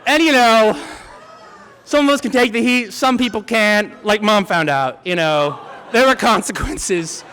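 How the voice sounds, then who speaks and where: A man in his thirties telling a true story on stage, chatty and animated, full of filler words, acting out his siblings with sudden shouts. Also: high voice, measured pace, smooth. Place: theater stage before an audience. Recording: long hall reverb, faint ambience.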